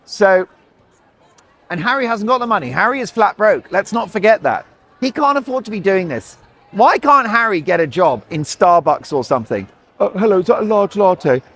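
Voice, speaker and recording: A man's voice: high voice, sing-song, moderate pace, a bit bright. A man in his forties, a talk show host rambling in chatty, sarcastic commentary, recorded outdoors. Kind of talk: opinionated commentary.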